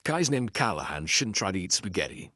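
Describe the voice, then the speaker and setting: Man doing a gruff wisecracking pulp tough guy. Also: low voice, very animated, fairly quick, sharp tone, dry recording, clean studio sound, exaggerated voice. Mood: wry. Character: wisecracking tough male detective, contemptuous.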